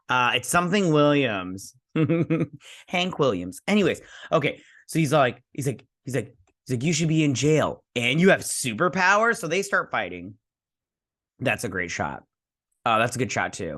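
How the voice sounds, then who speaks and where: A man's voice: medium pitch, a bit bright. Rambling male TV recap host. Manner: rambling, acts out dialogue with "she's like". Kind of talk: casual episode recap and review.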